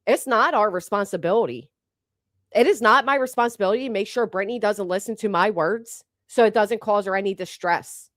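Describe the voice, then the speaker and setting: A woman's voice: mid-range voice, no room sound. Blunt, mocking woman streamer, dry close sound. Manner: blunt, mocking, swears freely. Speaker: commentary streamer. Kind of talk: live-stream reaction commentary.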